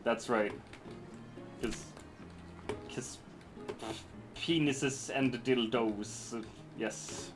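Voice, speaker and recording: A man's voice: mid-range voice, extremely slow, long pauses, music in the background. A man streaming a video game, chatting casually with viewers, reading out chat and joking around. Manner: playful, jokey, reads chat aloud.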